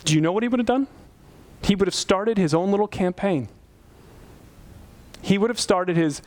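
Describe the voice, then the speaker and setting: A man's voice: high-pitched, normal speed, long pauses, a little mellow. A man preaching a sermon as pastor, telling a personal story and pleading earnestly. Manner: storytelling, rising to pleading intensity.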